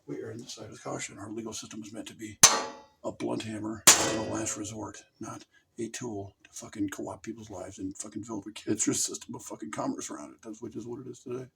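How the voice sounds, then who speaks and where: A man's voice: fairly low pitch, steady tone, quick pace, creaky, background noise. A man rambling comically while gaming, giggling a lot and swearing freely.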